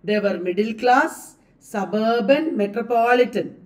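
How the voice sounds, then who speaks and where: A woman lecturing at a slow, deliberate pace and drilling her students through exam questions. Her fairly high voice sounds a little removed from the microphone, as in a classroom recording. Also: lively intonation, distant mic. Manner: quizzing students with repeated questions. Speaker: English literature exam coach.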